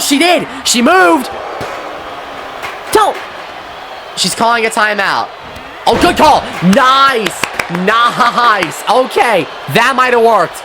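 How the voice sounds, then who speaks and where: A man doing excitable, sweary play-by-play commentary on a wrestling match, often shouting at the action. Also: fairly high pitch, background noise. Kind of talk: play-by-play video game commentary.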